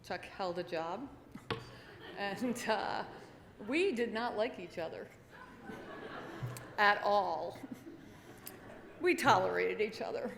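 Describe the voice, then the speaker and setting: A woman giving a chatty, halting speech at an awards dinner, with plenty of fillers and small laughs. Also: mid-range voice, expressive, creaky, a bit bright. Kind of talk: nervous, chatty acceptance speech. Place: banquet hall at an awards dinner. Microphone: podium microphone. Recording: echoey banquet hall with faint noise.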